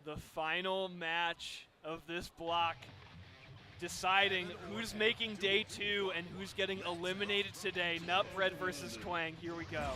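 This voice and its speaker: A man's voice: sits high, flat delivery, unhurried. A man commentating a fighting game tournament, building hype for matches and breaking down players' choices. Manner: hype-building, analytical, laughs easily. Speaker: esports commentator.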